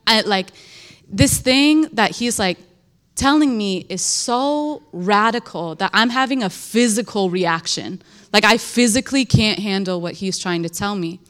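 A woman giving a personal faith testimony, earnest and halting, with lots of "like" and restarts. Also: mid-range voice, a bit bright.

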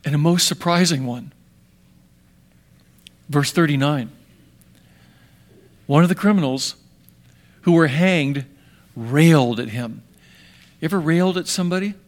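A man preaching a sermon with dramatic swings between hushed and emphatic delivery. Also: on the high side, measured pace, long pauses.

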